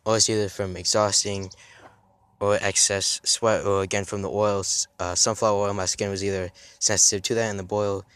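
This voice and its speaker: A young man talking casually and haltingly to camera outdoors, often restarting sentences and drifting between topics. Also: on the low side, flat delivery, fairly bright tone, clear, resonant tone, no room sound. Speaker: fitness YouTuber. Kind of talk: rambling casual vlog talk.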